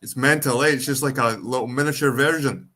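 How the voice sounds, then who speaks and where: A man's voice: mid-range voice, fairly even intonation, a little fast, sharp tone. Sweary Scottish man hosting a livestream. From Ireland, raised in Scotland. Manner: profane, rambling, reads chat aloud. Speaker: livestream host. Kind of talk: casual livestream chat.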